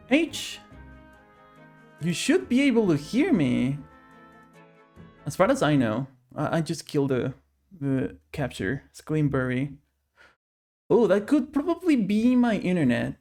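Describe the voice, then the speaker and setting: Playful, lively man streaming a game. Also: fairly high pitch. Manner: playful, jokey haggling with in-game characters. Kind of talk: casual live-stream commentary while gaming.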